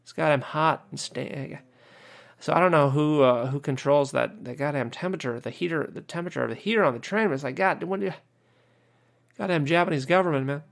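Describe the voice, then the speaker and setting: A man's voice: a little high, a little fast, vocal fry. An American man hosting a podcast, ranting casually with lots of swearing and "you know" fillers, sounding exasperated. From United States. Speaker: podcast host. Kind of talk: casual rant.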